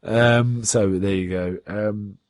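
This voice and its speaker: This podcast co-host has a low-leaning voice and speaks slowly, captured in clean studio sound without echo. Retelling an old TV episode in a casual recap, he's animated and chatty, full of fillers and restarts, and he raises his voice to act out the quotes.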